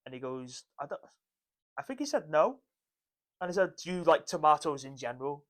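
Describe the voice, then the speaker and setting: A man's voice: a little high, very animated, a little fast. A man, co-hosting a podcast in casual banter, swearing freely and laughing often. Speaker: podcast co-host.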